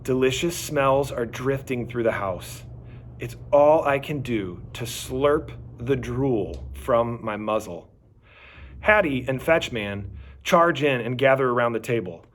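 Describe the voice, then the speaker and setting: Animated man reading a kids' book slowly. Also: mid-range voice, a little hiss or hum. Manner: animated, expressive storytelling. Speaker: reader. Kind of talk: reading a children's chapter book aloud.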